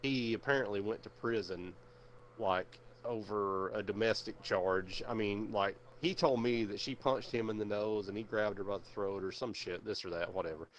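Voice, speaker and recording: A man's voice: lowish voice, moderate pace, a little hiss or hum. A young man streaming, telling a long story in casual chat, rambling and swearing with lots of fillers. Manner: rambling, profane, many fillers.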